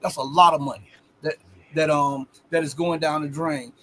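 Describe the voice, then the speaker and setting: A man with a high voice hosts a live stream. He reads out viewer questions in a measured way and fills his pauses with ums. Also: fairly even intonation, a bit bright. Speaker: host. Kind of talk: live-stream hosting, reading chat questions.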